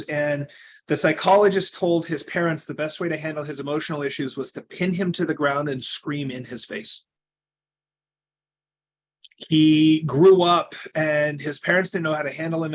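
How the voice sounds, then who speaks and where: A young adult man giving a coaching talk, telling his own story in an earnest way that moves from loud emphasis to quiet asides. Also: fairly high pitch, a little hiss or hum.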